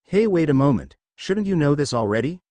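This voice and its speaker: A man's voice: a little high, brisk, no room sound. A man doing a brash young ninja. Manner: excitable, blurting and loud. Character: brash young male ninja, loud and impulsive.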